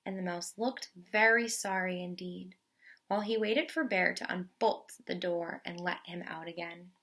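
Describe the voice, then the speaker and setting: A young woman teacher reading a picture book aloud to children, expressive and pausing to ask questions. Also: lowish voice. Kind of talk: children's story read-aloud.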